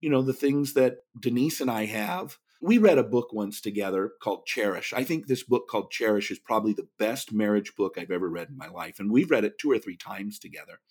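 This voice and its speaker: A man's voice: medium pitch, darkish tone, slightly rough. A middle-aged man, an author and speaker, telling stories in an earnest tone with frequent chuckles during a podcast interview. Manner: earnest, chuckles often mid-sentence.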